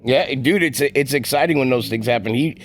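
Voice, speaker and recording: A man co-hosting a roofing podcast, telling a long story in a quick, rambling way full of fillers. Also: mid-range voice, soft background music. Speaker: podcast co-host. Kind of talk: casual podcast chat.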